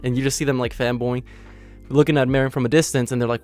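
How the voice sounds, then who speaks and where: A man hosts his own channel with a hoarse, raspy voice worn down by illness. He stays cheerful and chatty, sitting at an ordinary middle pitch and leaning on loose filler words as he walks through a manga chapter. Soft music plays faintly behind him. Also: flat delivery, quick pace. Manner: upbeat and chatty, full of "you know" fillers and laughs. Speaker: anime channel host. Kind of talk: casual manga chapter review.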